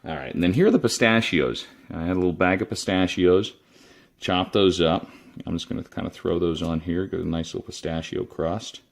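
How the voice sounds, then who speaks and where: Low voice dude cooking at home, chatty and kinda goofy about it. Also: male voice, brisk, creaky. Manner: rambling, chatty, self-deprecating. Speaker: cooking video host. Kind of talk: casual cooking demo. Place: home kitchen.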